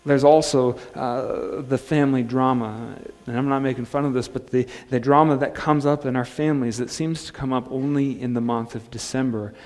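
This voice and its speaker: A male pastor preaching a sermon in a relaxed, conversational way, joking and restarting his phrases. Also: medium pitch, normal speed, hardly any pauses. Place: church sanctuary. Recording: long church-hall reverb.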